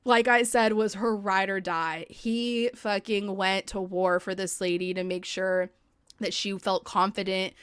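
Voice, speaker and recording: With a medium-pitched, steady and smooth voice, a young woman hosts a casual podcast at a slightly slow pace. She's chatty, swears freely and uses "like" heavily, speaking into a podcast microphone. The sound is clean studio quality without echo.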